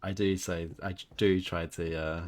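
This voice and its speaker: A man with a low voice, level tone, and measured pace chats casually with viewers while streaming a game. His live gameplay talk is rambling and self-deprecating.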